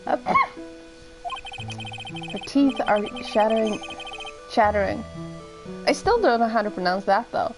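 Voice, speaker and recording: A woman's voice: mid-range voice, normal speed, pauses often, over music, low-quality recording. A woman streaming a game, chatting and musing aloud in casual commentary. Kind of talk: casual let's-play commentary.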